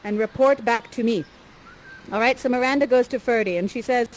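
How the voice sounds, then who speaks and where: A woman's voice: on the high side, a little fast, rough recording. Playful woman guiding the players. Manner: playful, chatty and encouraging. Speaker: actor guiding players as Prospero. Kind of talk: improvised interactive theatre.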